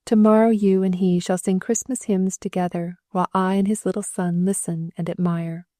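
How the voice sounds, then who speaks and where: A woman's voice: medium pitch, little pitch movement, normal speed, warm tone, dry recording, studio quality, close to an everyday voice. A woman reading the lines of a loving young wife and new mother in a storybook, tender and affectionate.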